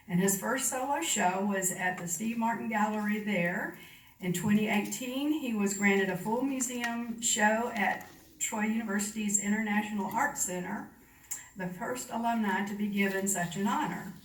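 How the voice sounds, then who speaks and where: A woman hosting a meeting, making announcements and introducing the speaker in a friendly, relaxed way. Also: medium pitch. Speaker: meeting host. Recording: distant mic in a roomy hall, faint noise.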